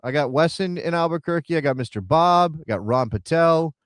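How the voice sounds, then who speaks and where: A man's voice: a little high, brisk, no echo. A man co-hosting a casual soccer live stream, chatty and rambling as he reads out viewer names. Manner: rambling, chatty, thinks aloud while reading chat names. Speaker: soccer show co-host.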